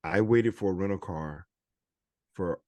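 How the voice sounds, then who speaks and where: A man co-hosting a podcast in easygoing chat. He has a low voice, uses plenty of slang and repeats his points for emphasis. The recording is dry and close. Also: a little slow, a little mellow, no echo. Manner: laid-back, uses slang, drawls with emphatic repetition. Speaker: podcast co-host. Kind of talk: casual chat.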